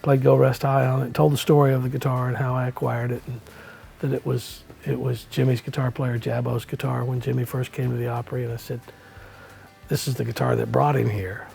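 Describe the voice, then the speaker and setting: An older man, telling stories in a relaxed, folksy way as an interview guest. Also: medium pitch, brisk, vocal fry, soft background music. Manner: relaxed storyteller, folksy with many "you know"s. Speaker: country musician, interview guest. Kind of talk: storytelling in a casual interview.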